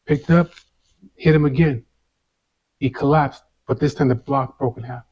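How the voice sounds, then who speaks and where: A man's voice: mid-range voice, normal speed, darkish tone. Guy telling his story, lots of slang and cussing and "you know", kinda muffled audio. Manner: casual street slang, swears, constant "you know". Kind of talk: first-person storytelling.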